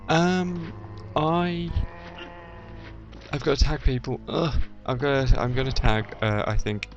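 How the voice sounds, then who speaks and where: A man's voice: medium pitch, fairly even intonation, slow pace. A young British man with a slight Midlands accent, rambling through a casual video chat with plenty of ums and restarts. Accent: generic British, slight Midlands. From English Midlands. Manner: rambling, hesitant, lots of ums and self-corrections. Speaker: YouTube let's-player. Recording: dull lo-fi voice with faint game music.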